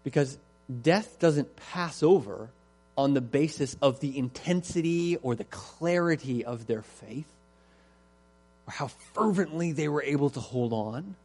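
A man's voice: mid-range voice, measured pace, darkish tone, breathy edge. A man preaching a sermon in an earnest, emphatic way and repeating his key phrases.

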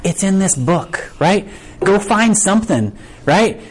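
A man's voice: high-pitched, lively intonation, slow pace, low-quality recording. A man preaching a casual sermon, conversational and full of rhetorical questions. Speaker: pastor.

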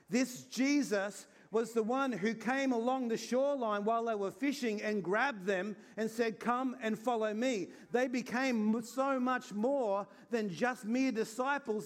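Pastor, male, high voice, earnest conversational sermon delivery. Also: a little slow. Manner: earnest, conversational preaching with acted-out asides. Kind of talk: Easter sermon.

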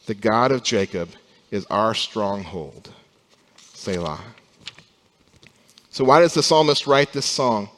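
A young adult man, a pastor, preaching a sermon, rising from quiet, slow passages to loud emphasis. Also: lowish voice, animated, long reverb tail.

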